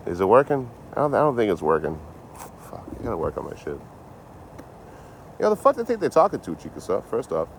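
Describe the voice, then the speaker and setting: A man's voice: mid-range voice, big pitch swings, brisk, a little hiss or hum. A tipsy man casually chatting on a livestream from his phone, swearing often and trading sarcastic jokes with viewers. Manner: profane, sarcastic and rambling. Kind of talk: casual live-stream chat.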